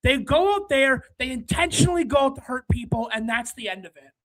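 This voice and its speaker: A livestream host ranting through casual hockey chat, exasperated, apologizing to viewers, then breaking into shouting. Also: high-pitched, lively intonation, faint music behind, low-quality recording. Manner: quick, run-on talk with apologies to viewers.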